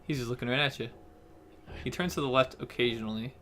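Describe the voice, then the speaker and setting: A man's voice: mid-range voice, fast, fairly bright tone, a little hiss or hum. A man watching a friend play a video game, chatting casually, giving tips and laughing often. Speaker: co-host watching gameplay. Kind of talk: casual gameplay chat.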